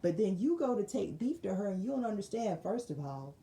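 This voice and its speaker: A woman giving a casual spiritual tarot reading, telling it as an animated, slangy story with lots of repeated phrases. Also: mid-range voice, quick pace, gravelly, reverberant, background noise. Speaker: tarot reader.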